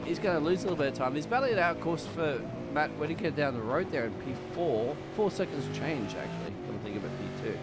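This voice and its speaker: A man's voice: fairly high pitch, animated, fast, hardly any pauses. A man commentating a sim race in a hyped, jokey way, full of slangy banter. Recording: loud engine noise behind voice. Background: race car engine noise.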